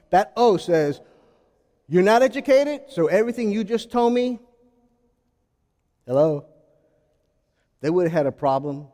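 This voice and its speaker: A man preaching a sermon to his congregation in a lively, animated way, asking rhetorical questions and acting out short exchanges. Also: a little high, in a large hall.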